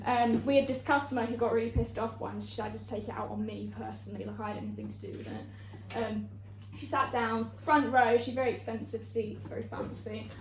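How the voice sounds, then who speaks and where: A young woman from England hosts a student comedy night in a high voice. She talks in a chatty, grumbling way and swears freely. The sound is echoey and distant, as if the mic is far from her. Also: fairly even intonation, fairly quick. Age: young adult. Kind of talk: stand-up comedy hosting.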